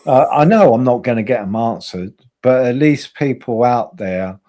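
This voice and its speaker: A man's voice: medium pitch, lively intonation, normal speed, warm tone. A man hosting a casual livestream chat, talking bluntly with lots of swearing and repeated words. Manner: blunt, profane, repeats himself. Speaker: host.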